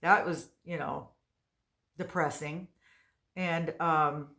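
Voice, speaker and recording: Chatty woman in her sixties, low-pitched. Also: slow, pauses often, a bit bright. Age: 60s. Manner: chatty, rambling, frequent restarts and fillers. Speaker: vlogger. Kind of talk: casual chat to camera.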